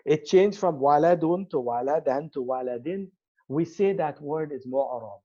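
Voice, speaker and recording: A man's voice: on the high side, expressive, normal speed, dark tone, highs cut off. A man teaching an Arabic grammar class, explaining step by step and checking the class follows. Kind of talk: classroom lecture.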